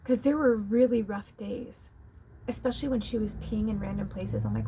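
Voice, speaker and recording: A woman with a somewhat high voice talks in a loose, confessional way, rambling and emotional, cursing now and then. She often sinks into a whisper before her voice comes back up. Faint background noise sits under her talk. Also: moderate pace, creaky, warm tone. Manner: rambling, emotional, swears, drops to a whisper at times. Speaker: spiritual medium and vlogger. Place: tiny home.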